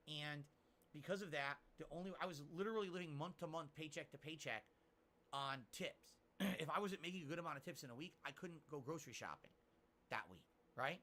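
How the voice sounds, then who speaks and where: A middle-aged man chats casually on a live stream, his voice on the high side, bright and forceful. He reads out viewer tips as he rambles along in an emphatic way.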